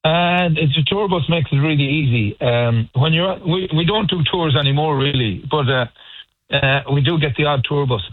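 A man chats on the radio with a slightly high voice, telling stories in halting, restarting bursts. The sound is thin and phone-like. It is dry, with no room around him. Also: no room sound. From Ireland. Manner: chatty storyteller, halting restarts. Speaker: band member guest. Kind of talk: casual radio interview. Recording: tinny phone line.

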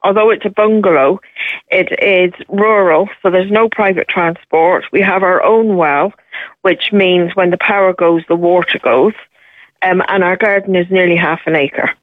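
A middle-aged woman calling a radio show, telling her situation in a steady, matter-of-fact way with pauses and ums. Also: fairly low pitch, dry recording. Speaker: caller. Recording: tinny phone line.

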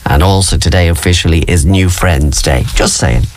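A man's voice: deep voice, normal speed. A man hosting a radio show, chatting casually through on-this-day facts with playful asides to the listener, speaking into a studio mic. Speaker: radio host.

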